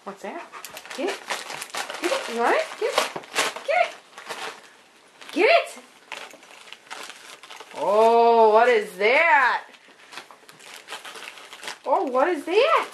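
A woman's voice: high voice, huge pitch swings, slow pace, long pauses, a little hiss or hum. A woman talking to her dog in a coaxing, sing-song way while filming a home video indoors. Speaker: dog owner.

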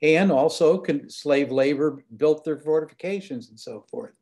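A man, an author, giving a talk and reading from his novel in a conversational, halting way. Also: a little high, darkish tone. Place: event hall.

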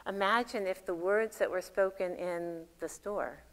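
A woman's voice: mid-range voice, a little slow. Woman pastor preaching in a reverberant church. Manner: conversational and reflective, with fillers. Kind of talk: sermon. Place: church sanctuary.

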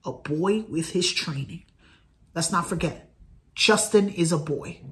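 A man's voice: on the high side, slow pace, a bit bright. A man in his thirties, talking casually to camera as a vlogger in an earnest, rambling way and repeating phrases. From United States. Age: 30s. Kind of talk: casual direct-to-camera vlog.

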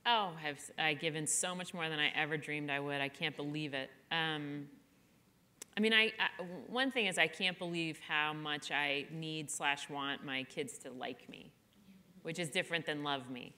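A middle-aged woman author talks candidly at a live event, chatty and self-deprecating. Her voice is bright and forward, pitched on the lower side for a woman. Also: normal speed. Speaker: author guest. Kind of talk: candid conversational interview.

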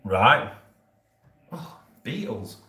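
A Yorkshire man in his forties chats loosely to viewers on a live stream, cracking jokes and laughing as he goes. His voice sits at an ordinary middle pitch and carries a roomy echo from the space around him. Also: very animated, extremely slow, bright, forceful tone. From Yorkshire, England. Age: 40s. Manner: jokey and rambling, often laughing.

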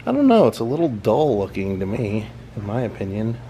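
A man's voice: fairly low pitch, very animated, a little fast, mellow, a little hiss or hum. A man giving a casual, admiring walking tour of a car museum, thinking aloud as he goes. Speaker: vlogger touring a car museum.

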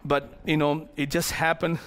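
A man preaching a sermon as pastor to his congregation, animated, acting out the characters of the story and joking with the crowd. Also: a little high, normal speed. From Malaysia. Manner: playful asides to the congregation.

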